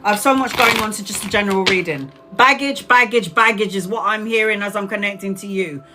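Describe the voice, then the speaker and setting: A woman giving a live tarot reading in a loose, chatty way, blunt and quick to swear and laugh. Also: mid-range voice, over music. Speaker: tarot reader. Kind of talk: live-streamed tarot reading, casual chat.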